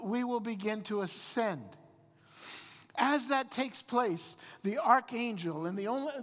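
A man preaching a sermon as pastor, animated, often repeating words as he starts a sentence. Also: sits high, long reverb tail.

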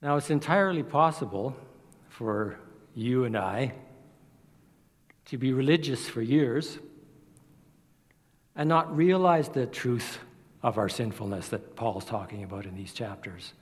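A man preaches with steady, earnest conviction and slips into the voices of the people in his stories. His voice sits at an ordinary middle pitch. A long reverb trails every phrase, as in a large church hall. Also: a little slow, long pauses, husky. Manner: earnest, storytelling with acted quotes. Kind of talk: sermon.

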